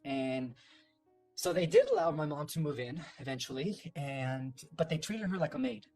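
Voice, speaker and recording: A man's voice: a little high, very animated, normal speed, darkish tone, faint music behind. A man, a guest on an interview, telling a long family story in a loose, rambling way with many fillers and restarts. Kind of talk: casual storytelling.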